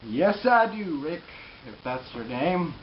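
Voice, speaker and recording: Brief: a man as a swaggering pro scooter rider, higher voice, lively pitch, crude boasts, dull lo-fi home recording. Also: slow pace, a little hiss or hum. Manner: brash, crude, rambling bragging. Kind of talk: mock interview comedy sketch.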